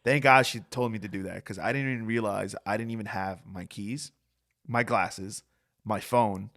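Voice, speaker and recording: A man's voice: on the low side, fairly even intonation, normal speed, vocal fry, a bit bright. A young man hosting a podcast, telling rambling stories in casual chat and swearing a lot. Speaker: podcast host.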